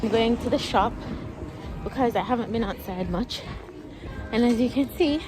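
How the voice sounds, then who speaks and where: A woman's voice: a little high, moderate pace, music in the background. Breathless Jamaican woman vlogging outdoors. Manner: chatty, laughs often, uses patois phrases. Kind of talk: casual walking vlog. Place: outdoors on a street.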